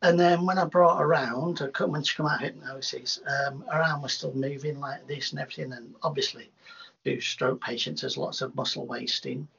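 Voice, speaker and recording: A man with a gravelly, husky voice pitched a little high tells his stories in a rambling, lively way, restarting often. The recording is dull and lo-fi. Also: fairly quick. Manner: rambling, animated anecdotes with many restarts. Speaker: hypnotherapist guest. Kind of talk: casual storytelling in an interview. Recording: dull lo-fi sound.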